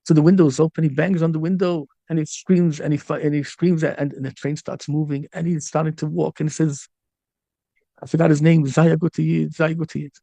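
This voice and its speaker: A male rabbi preaching with feeling, his voice gravelly and mellow, sitting a little high for a man. He keeps circling back over his own phrases and drops in Hebrew and Yiddish words. The sound is close and dry. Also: little pitch movement, fairly quick, dry recording. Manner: impassioned, repeats and restarts phrases; mixes in Hebrew and Yiddish terms. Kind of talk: storytelling sermon.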